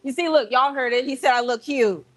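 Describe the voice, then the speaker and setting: A woman chats live to her viewers from the gym, rambling and animated as she talks straight to them. Her voice sits a little high. The sound is dry and close, with no room echo. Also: a little fast, faint music behind. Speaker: livestream host. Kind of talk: casual live-stream chat.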